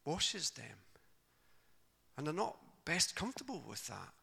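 A man preaching a sermon, telling the gospel stories in a lively way and acting out the characters' lines. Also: a little high, measured pace, creaky, slightly rough. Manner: animated storytelling, acting out voices of the characters.

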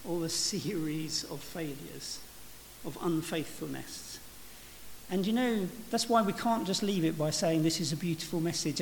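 A man preaching a sermon in a church, speaking reflectively and often restarting his phrases. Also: fairly high pitch. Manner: reflective, with frequent restarts and "you know". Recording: reverberant church hall with faint hiss.

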